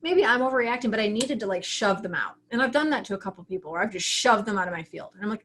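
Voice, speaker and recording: A woman teaching a writing class over a casual livestream, talking in a chatty, frank way. She keeps acting out her own inner thoughts as she goes. Her voice sits at an ordinary middle pitch. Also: animated, quick pace, hardly any pauses, fairly bright tone, a little hiss or hum.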